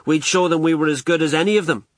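A man reading a first-person novel aloud, telling it in a wry, lively, colloquial way. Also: a little high, fast talker, no echo. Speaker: audiobook narrator.

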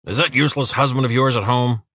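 A man's voice: medium pitch, animated, quick pace, a bit bright, dry recording, clean studio sound, natural voice. A male narrator playing a grumpy, stubborn older man who barks blunt, angry demands. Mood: gruff demanding. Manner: barking, blunt and gruff.

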